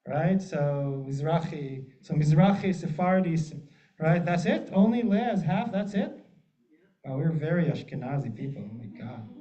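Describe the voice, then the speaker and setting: In a synagogue classroom, a rabbi teaches his group in a relaxed, joking manner, chatting and frequently checking in with the room. He talks at a normal speed with a fairly high pitch, captured in a muffled, lo-fi room recording.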